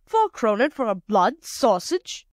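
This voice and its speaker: A woman reader voices a timid, fussy gentleman on a stranded train in a storybook. He frets and exclaims, pitched a little above the narration. The recording is dry and close. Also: sing-song, a little slow, dry recording. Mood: anxious. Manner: anxious, exclaiming. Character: timid male traveler, anxious, fussy.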